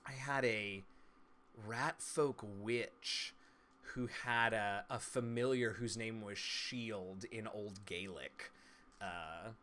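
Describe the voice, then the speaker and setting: A man from East Tennessee, a streamer and game master, in a casual live-stream chat, talking with crisp, trained stage diction in a chatty, playful way. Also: on the low side, fairly bright tone. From Southern United States, East Tennessee. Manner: chatty and playful, laughs easily.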